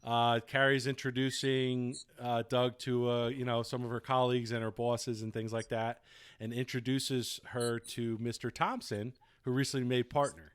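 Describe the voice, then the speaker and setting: A male podcast host putting trivia and follow-up questions to a guest. He speaks in a relaxed, easygoing way, pausing often on fillers as he finds his words. His mid-pitched voice sounds close and dry. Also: clear, resonant tone, no room sound. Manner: relaxed, hesitant, many fillers. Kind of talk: casual podcast chat.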